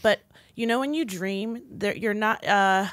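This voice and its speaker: A woman in her thirties, a podcast guest in casual chat, animated and playful, often laughing. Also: medium pitch, measured pace, no echo.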